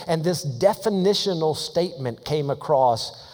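A man preaching a sermon as pastor, emphatic and lively, slowing down to read scripture aloud. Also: mid-range voice. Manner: animated, laughing storytelling. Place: church sanctuary. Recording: long church hall reverb.

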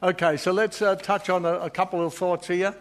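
A man delivers a sermon to a congregation in a loose, conversational way, his voice sitting a little higher than most men's. He gets emotional at times and fills his talk with fillers and self-deprecating asides. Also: level tone, brisk. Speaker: preacher.

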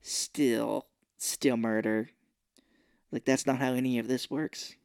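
A podcast co-host chatting casually through a movie recap at a middle pitch, jumping into quick put-on voices for the characters. The sound is close and dry, with no room around it. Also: fairly even intonation, creaky, darkish tone, clear, resonant tone, no room sound. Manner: retells scenes, acting out characters' lines in quick put-on voices.

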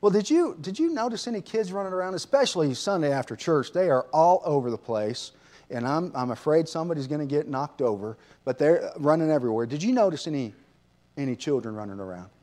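A man voicing a calm, patient male preacher who asks gentle questions. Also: a little high, fast talker, natural voice.

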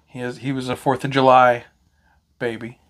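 A man in his thirties chats casually on a podcast recorded at home. He tells rambling stories and swears freely. His voice sits at an ordinary middle pitch. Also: flat delivery, normal speed, fairly bright tone. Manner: swearing, storytelling. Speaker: podcast co-host. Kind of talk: casual chat.

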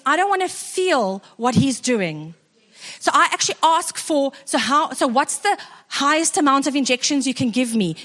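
A middle-aged woman with a high voice delivers a storytelling sermon. She talks in a lively, self-mocking way and keeps checking in with her congregation. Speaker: preacher.

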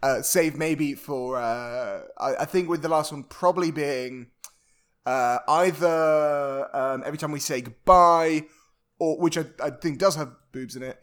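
A man's voice: on the high side, unhurried, fairly bright tone. A man co-hosting a podcast, recapping a film in a rambling, joking way with frequent laughs. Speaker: podcast co-host. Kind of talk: casual film recap chat.

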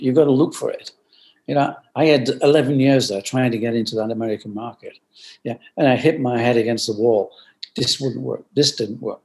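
An older man talks over a video call, thoughtful and earnest. He circles back to his points with repeated phrases and lets his voice sink into soft, quiet asides. His pitch sits in an ordinary middle range. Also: gravelly. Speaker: guest, company founder.

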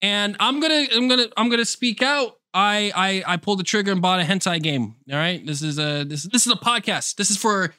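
A man co-hosting a podcast in casual chat, animated, laughing often and swearing freely. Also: high voice, a little fast, hardly any pauses, clear, resonant tone, no room sound, clean studio sound. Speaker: podcast co-host.

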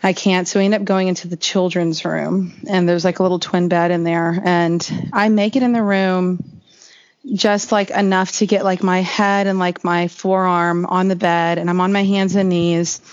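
A woman's voice: lowish voice, little pitch movement, moderate pace. A woman telling a long personal story as an interview guest, in a rambling, chatty way full of "like". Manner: chatty, rambling, heavy use of "like". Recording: slightly dull lo-fi recording.

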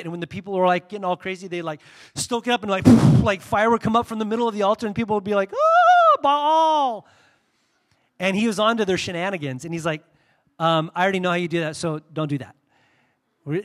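A man preaching a sermon, telling the story casually with playful asides and a lively delivery. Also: high voice. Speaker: pastor.

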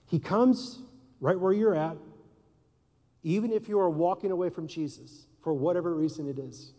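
Guy preaching in a big echoey church, fairly high voice, chatty, keeps asking the crowd questions. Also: moderate pace, warm tone. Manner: conversational preaching, rhetorical questions, acts out voices. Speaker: pastor. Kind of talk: sermon. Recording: long reverb of a large hall.

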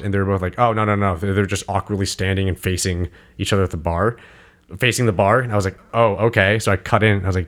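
A man's voice: on the low side, very fast. Young man telling rambling bar stories. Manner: rambling storyteller who acts out quoted voices. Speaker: podcast co-host. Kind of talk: casual podcast chat.

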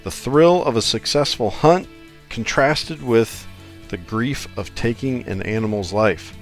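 A man's voice: medium pitch, a little slow, faint music behind. A man co-hosting a casual podcast chat, joking and loose, often restarting his sentences. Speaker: podcast co-host.

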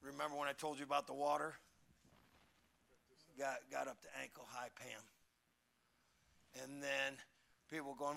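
A man delivers a sermon with a high, gravelly voice that has a piercing, tense edge. He preaches with emphasis, calls on the congregation to repeat lines back, and swells into shouts. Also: normal speed, pauses often. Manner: animated, breaks into shouts. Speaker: pastor.

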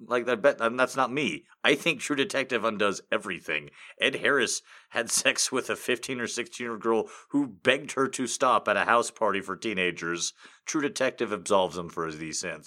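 Rambling, lively-voiced joking man. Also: medium pitch, normal speed. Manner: joking, profane, laughs often. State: high. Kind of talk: rambling casual chat with impressions.

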